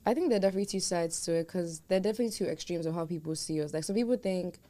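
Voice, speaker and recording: A woman's voice: lowish voice, very fast, dark tone. A young woman chatting casually on a podcast, telling emphatic stories. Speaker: podcast participant. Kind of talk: casual chat.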